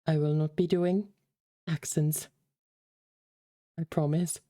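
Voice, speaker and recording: Woman game streamer, casual and affectionate, keeps calling viewers darlings. Low, dark tone. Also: fairly even intonation, takes it slowly, no room sound, clean studio sound. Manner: chatty and affectionate, calls the chat darlings. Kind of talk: casual livestream chat while reading a game.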